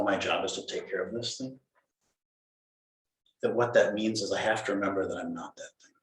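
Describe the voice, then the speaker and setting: A man giving a dharma talk as a Zen teacher, playful and animated, acting out inner voices. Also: low-pitched. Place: meditation hall. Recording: roomy hall echo.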